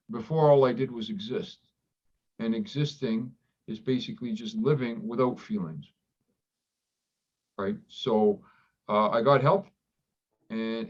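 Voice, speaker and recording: A man, a doctor, speaking candidly as an interview guest, reflective and halting with frequent restarts, acting out remembered dialogue. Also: fairly low pitch, muffled recording. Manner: acts out quoted dialogue with livelier voice.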